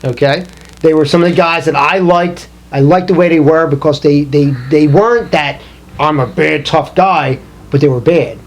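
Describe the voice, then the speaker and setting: A middle-aged man hosts a casual round-table chat and tells animated stories. His voice sits slightly higher than most men's. His delivery stays loose and conversational. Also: normal speed. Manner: storytelling, animated. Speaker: host.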